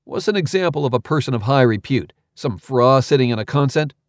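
A man's voice: mid-range voice, animated, a little fast, no echo, clean studio sound, lightly acted. A man reading a prickly, defensive young man. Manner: defensive, demanding.

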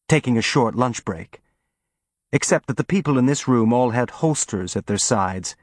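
A man narrating an audiobook in an even, measured reading. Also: medium pitch, no echo.

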